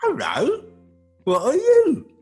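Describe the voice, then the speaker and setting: A man voicing an excitable little male frog in a joke, gasping and exclaiming in a high, shouty voice. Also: takes it slowly, vocal fry, soft background music, heavily acted. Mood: gasping amazement. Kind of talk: telling a joke.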